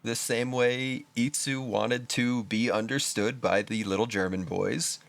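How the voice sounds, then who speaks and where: Low, gravelly male co-host, loose and jokey banter. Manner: relaxed, rambling, joking. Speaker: podcast co-host. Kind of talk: casual anime podcast chat.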